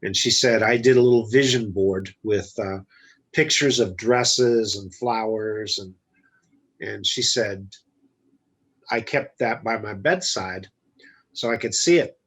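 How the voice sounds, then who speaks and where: A man's voice: lowish voice, takes it slowly, breathy edge. A man, a business guest, telling a personal story in a casual interview, bluntly acting out the dialogue. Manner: blunt, animated retelling with quoted dialogue. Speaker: guest entrepreneur.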